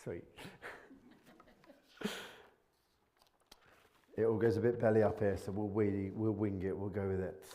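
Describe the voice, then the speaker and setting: A man preaches in a church, his low voice easygoing and full of slang. He pokes fun at himself and punches key words with sudden emphasis. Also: little pitch movement, slow, long pauses, warm tone. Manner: chatty, colloquial and self-mocking, with bursts of emphasis. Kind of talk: informal sermon.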